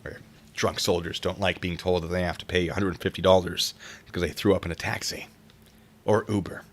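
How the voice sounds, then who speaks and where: A man's voice: low-pitched, steady tone, brisk. A man streaming live, reading reader stories aloud and reacting to them and to chat in a chatty, wry way. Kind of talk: casual live-stream commentary.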